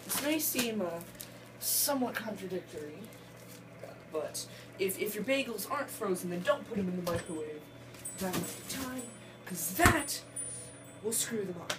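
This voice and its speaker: Slow, halting woman far from the mic. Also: medium pitch, animated. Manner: hesitant, halting, with many restarts. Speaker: cooking show host. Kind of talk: casual home cooking video. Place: home kitchen. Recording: distant mic, noisy kitchen.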